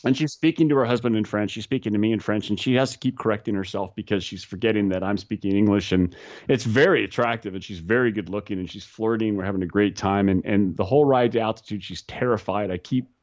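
A man's voice: on the low side, fast, a little mellow, dry recording. A man, a skydiving instructor, telling stories in casual chat, rambling and repeating himself, laughing at his own tales. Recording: slightly dull, dry recording.

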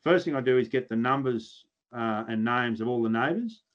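A man's voice: medium pitch, normal speed, muffled recording. Blunt Australian man spinning yarns. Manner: blunt, earthy storytelling with mild swearing. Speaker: podcast guest, pig hunter. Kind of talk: casual podcast chat.

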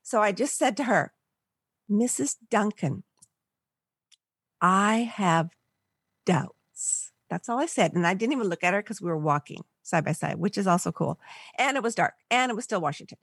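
An older woman from the Los Angeles area, a podcast guest, telling a personal story in an animated way and acting out the voices of people she quotes. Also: medium pitch, quick pace, gravelly, slightly rough, no echo, studio quality. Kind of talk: storytelling in a conversational interview.

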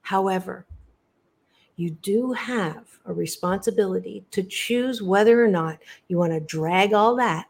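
A woman's voice: medium pitch, unhurried, vocal fry, darkish tone. Earnest woman psychologist speaking emphatically. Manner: earnest and emphatic, addresses listeners directly with lingering stress on key words. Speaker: psychologist guest. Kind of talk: podcast interview, candid storytelling.

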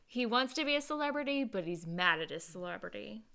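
Lively woman with a bright voice, laughs a lot, swears, casual chat. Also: mid-range voice, fairly quick, creaky. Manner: laughs often, animated, swears. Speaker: podcast co-host.

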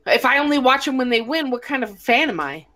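A woman's voice: sits high, fast talker. A woman hosting a casual chat, telling stories bluntly and swearing a lot. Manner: blunt, profane, animated storytelling. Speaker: podcast host.

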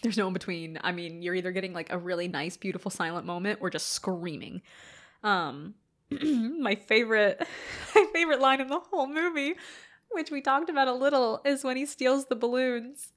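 A young woman in casual chat about a movie, animated and quick to laugh, acting out quotes. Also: on the high side.

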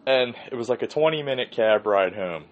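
A man with a mid-range voice and lively intonation speaks briskly as he hosts a podcast, laughing often through a rambling, expletive-heavy story. The sound is dull and lo-fi, with faint hiss.

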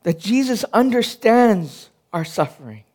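Male pastor, thirties, high-pitched, earnest conversational sermon delivery. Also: sing-song, a little slow, a little mellow. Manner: earnest, personal storytelling with frequent restarts.

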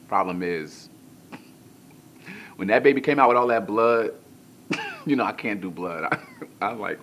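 A male pastor telling a comic personal story in a sermon, animated, moving from hushed to shouting, with colloquial asides to the crowd. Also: mid-range voice, moderate pace.

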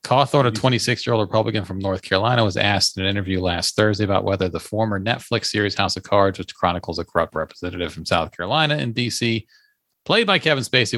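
A man with a fairly low voice hosts a casual talk show, reading headlines aloud and poking fun at them. The recording is close and dry, with no room sound. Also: a bit bright, dry recording. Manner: joking, reads news aloud in a mocking tone. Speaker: podcast host. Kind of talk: casual chat.

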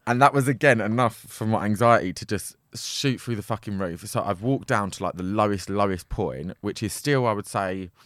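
A man's voice: on the low side, normal speed, few pauses, a bit bright, no room sound, studio quality. A man casually telling a long story, rambling with lots of fillers and frequent swearing.

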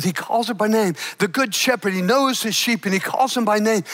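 A man preaching a sermon, retelling a story with dramatic shouted emphasis, playful asides and quiet, earnest stretches. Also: high-pitched, a little fast, hardly any pauses. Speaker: pastor.

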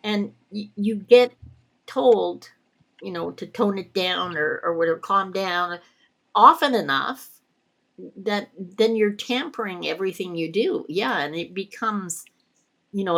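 A woman's voice: medium pitch, unhurried, fairly bright tone. A middle-aged woman from Canada, telling personal stories in a podcast conversation and often laughing between words. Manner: reflective, laughs often mid-sentence. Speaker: guest.

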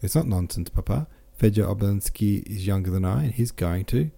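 Eager teenage boy, insistent, dark voice, as a man reads him. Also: on the low side, lively intonation, brisk, creaky, no echo. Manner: insistent, pleading.

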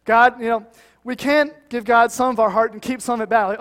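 Earnest high-voiced man preaching in a reverberant hall. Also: fairly even intonation, brisk, a bit bright. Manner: earnest, conversational, many "you know" asides. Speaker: guest preacher. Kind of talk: sermon.

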